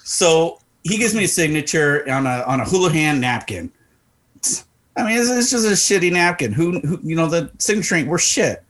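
A man telling a story in casual chat, profane and animated, acting out the people in it. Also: on the high side, moderate pace. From Arizona. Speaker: podcast co-host.

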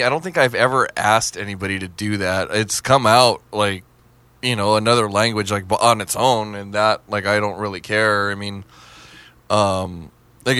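A man's voice: on the low side, sharp tone, smooth, dry recording. A man in casual, crude podcast chat who swears freely and laughs often.

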